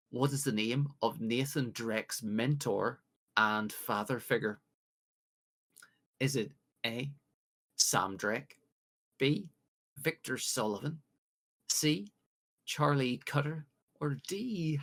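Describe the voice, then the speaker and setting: A man from the UK runs a light-hearted podcast quiz. His voice sits at an ordinary middle pitch, and he reads out each option slowly with playful pauses. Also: vocal fry, fairly bright tone. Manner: jokey, reads questions with drawn-out pauses. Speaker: quiz host. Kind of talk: casual podcast quiz hosting.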